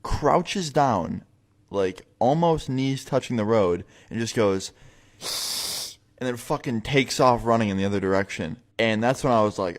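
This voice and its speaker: A man's voice: medium pitch, animated, unhurried. A young man telling a story casually, swearing a lot and rambling with many fillers.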